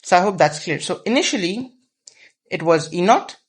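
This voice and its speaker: A man's voice: sits high, expressive, moderate pace, breathy edge. A man teaching a whiteboard physics lesson, explaining patiently step by step and repeating key terms.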